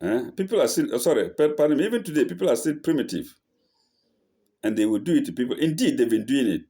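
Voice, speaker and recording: A man teaching the Quran verse by verse, reciting lines and then translating them slowly, often correcting himself and checking in with "eh?". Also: mid-range voice, expressive, mellow. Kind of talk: verse-by-verse scripture lesson.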